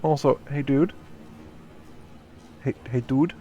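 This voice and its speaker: A man's voice: medium pitch, slow pace, dark tone, highs cut off, slight background noise. A man streaming a video game live, commenting playfully and joking back at the characters. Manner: playful, jokey, talks to the game.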